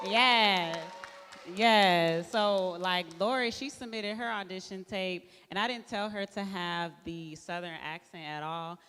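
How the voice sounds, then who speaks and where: A low-voiced woman with a smooth, resonant tone talks casually about her film at a premiere. She sounds relaxed, laughs often and leans on "like." Her voice carries a long hall echo. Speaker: filmmaker answering questions at a premiere. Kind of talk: casual panel talk. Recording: echoey hall.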